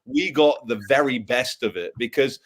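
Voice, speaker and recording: A man's voice: mid-range voice, animated, moderate pace. A man in his thirties hosts a casual chat in an ordinary mid-range voice. He is easygoing and agreeable, and he nudges the talk along. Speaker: host. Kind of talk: casual conversation.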